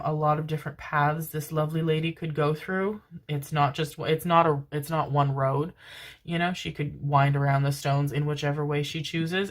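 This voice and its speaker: A woman giving a pick-a-card tarot reading, affectionate and rambling, with casual swearing. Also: low voice. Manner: affectionate, calls listeners "my loves", casual swearing; rambling, many fillers and restarts. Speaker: tarot reader.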